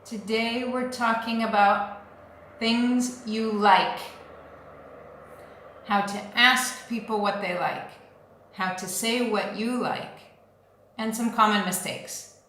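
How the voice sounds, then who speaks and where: A woman's voice: fairly high pitch, steady tone, takes it slowly, pauses often, a bit bright, a little hiss or hum. A woman teaching an English lesson, speaking patiently and leading short phrases for learners to repeat. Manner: patient, drills phrases for repetition. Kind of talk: slow, clear language lesson. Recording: very echoey room.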